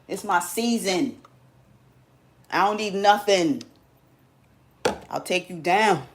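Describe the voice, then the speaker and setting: A woman's voice: mid-range voice, a little slow, long pauses, slight background noise. A woman hosting a live stream, talking casually to her viewers in a sassy, teasing, slangy way.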